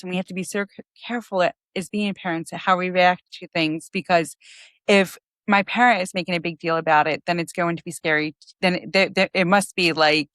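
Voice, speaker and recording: Earnest woman, low voice, dry mic. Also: a bit bright, dry recording. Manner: earnest, self-reflective, many fillers. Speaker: podcast co-host. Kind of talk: casual chat.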